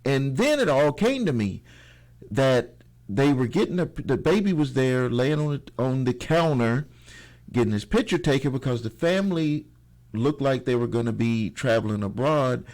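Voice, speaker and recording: A middle-aged man talks to his viewers in an unscripted motivational monologue. His voice sits at an ordinary pitch, and he keeps restarting sentences and repeating key phrases to drive a point home. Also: expressive, moderate pace, a little mellow. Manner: rambling, repeats phrases for emphasis, frequent restarts. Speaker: host of a motivational channel. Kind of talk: casual motivational talk to camera.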